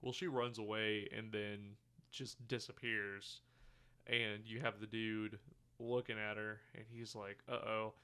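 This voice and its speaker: A man's voice: fairly low pitch, level tone, a little slow, bright, forceful tone, clear, resonant tone. A man co-hosting a podcast, casually retelling movie scenes and acting out the characters' lines with some swearing. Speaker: podcast co-host. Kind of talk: casual movie review chat.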